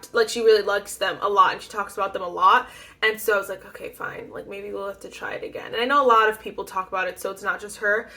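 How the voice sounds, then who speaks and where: A woman's voice: medium pitch, sharp tone. A young woman chatting casually through a makeup tutorial, rambling and self-deprecating, with frequent ums and little laughs. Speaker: beauty YouTuber.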